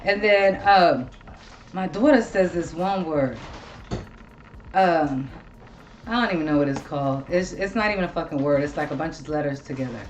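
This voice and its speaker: A woman's voice: low-pitched, moderate pace, pauses often, lo-fi sound, slight background noise. Wanita cerewet yang suka mengumpat, rekaman agak redup. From Ohio. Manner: swears a lot, rambling and animated. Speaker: podcast host. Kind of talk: casual chat.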